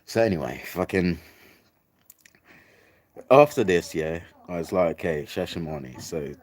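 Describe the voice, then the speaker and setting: Deep-voiced sweary young man. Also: lively intonation, a little slow. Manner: sweary, rambling, repeats "like, literally" and "mate". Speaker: storyteller. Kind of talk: casual storytelling.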